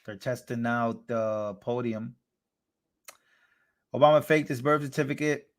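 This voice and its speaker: A man's voice: medium pitch, a little slow. A young man hosting a live stream, chatting casually, reading out chat messages and thanking donors.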